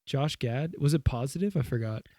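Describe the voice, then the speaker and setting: A young man co-hosting a casual podcast, telling a story in loose, rambling bursts full of fillers and swearing. His voice sits at an ordinary middle pitch, and the sound is dry and close. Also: moderate pace, darkish tone, no room sound. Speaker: podcast co-host. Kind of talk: casual chat.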